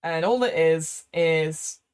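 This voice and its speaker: A woman with a low, smooth, darkish voice speaks slowly while running an improvised tabletop game as game master over a remote call microphone. She's chatty, laughs often, and makes hesitant restarts.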